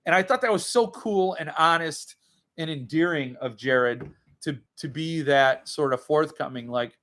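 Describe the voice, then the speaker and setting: A man's voice: a little high, unhurried, pushed and bright. A man hosting a book channel, chatting loosely on a livestream from a room at home, rambling and reading viewer comments aloud. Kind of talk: casual livestream chat.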